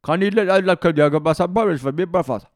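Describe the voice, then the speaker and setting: A man putting on a loud, deliberately garbled Geordie accent as a comic working-class man. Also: high-pitched, dry recording, studio quality, voice pushed up, close to an everyday voice. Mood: demanding. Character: shouty comic Geordie man wanting breakfast.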